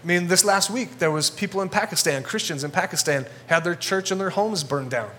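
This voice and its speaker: A male pastor preaching a sermon to a congregation in a church, energetic and conversational, getting fired up as he talks. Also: high voice, fairly quick, slight background noise.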